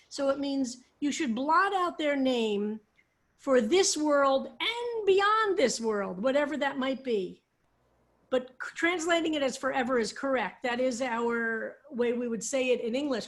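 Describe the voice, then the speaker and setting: A woman rabbi teaching a psalm study over a video call, patiently explaining Hebrew words. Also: high-pitched. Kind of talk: online Hebrew text lesson.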